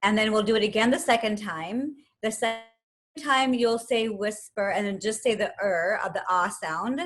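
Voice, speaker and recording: A woman's voice: medium pitch, moderate pace. Woman guiding a breathing exercise. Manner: calm, counts breaths aloud and guides step by step. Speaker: yoga and meditation instructor. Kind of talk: guided breathing instruction.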